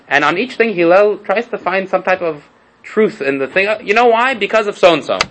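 Man, casual Torah lesson, slightly higher voice, conversational asides, faint background hiss. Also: expressive, normal speed, fairly bright tone, rough recording. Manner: conversational, with frequent rhetorical asides and Hebrew terms; repeats and restarts phrases while storytelling. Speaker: Torah teacher.

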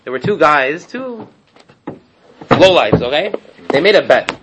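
A Torah teacher with a fairly high, sing-song voice gives a casual class at a measured pace, with background noise present. He tells stories full of rhetorical asides and Hebrew terms, often repeating and restarting his phrases.

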